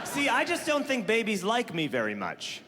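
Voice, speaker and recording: A man in his thirties performing stand-up comedy on a large theater stage, telling stories in an animated way with exaggerated voices for the people in them. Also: high-pitched, normal speed, noisy background. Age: 30s. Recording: live hall reverb with crowd laughter.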